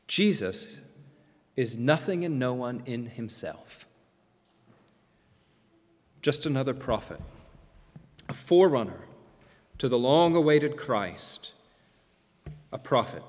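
A man preaching a sermon as pastor, emphatic, with dramatic pauses and swings between loud and soft. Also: mid-range voice. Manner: emphatic, rising and falling delivery with dramatic pauses. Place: church sanctuary. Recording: long reverb of a large hall.

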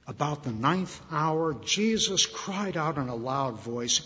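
A man preaching a sermon, slow and earnest, rising louder on key phrases and dropping soft at the ends. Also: fairly high pitch, very animated. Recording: muffled reverberant hall.

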